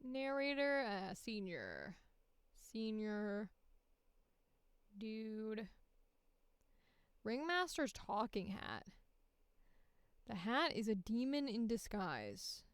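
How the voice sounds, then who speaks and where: A woman's voice: fairly high pitch, sing-song, extremely slow, long pauses, clear, resonant tone, no room sound. A woman voice actor chatting casually on a livestream, reading casting briefs aloud with playful asides.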